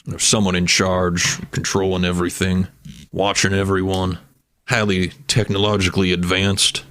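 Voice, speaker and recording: Very low-voiced man playing a tabletop game. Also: flat delivery, normal speed, a bit bright, dry recording, clean studio sound. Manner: casual, stammering restarts. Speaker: player. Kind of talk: tabletop role-play.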